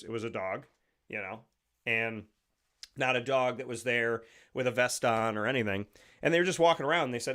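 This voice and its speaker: A man's voice: medium pitch, fairly bright tone, clean tone. Male show host, casual monologue, digressive and jokey, mid-range voice, studio mic. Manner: rambling, digressive, jokey storytelling. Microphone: studio microphone.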